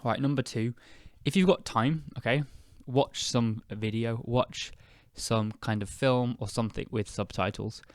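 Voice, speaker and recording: A young British man hosting an English-learning podcast, speaking slowly and clearly in a chatty, relaxed way with fillers. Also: mid-range voice, no room sound, studio quality. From United Kingdom. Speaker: podcast host and English teacher. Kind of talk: casual spoken lesson.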